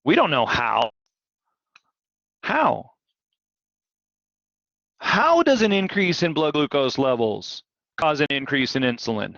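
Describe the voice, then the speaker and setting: A man teaching physiology in a live online lecture, animated and questioning, repeating key words. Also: a little high, measured pace, creaky, pauses often, dry recording. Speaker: physiology instructor. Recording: dull, dry video-call audio.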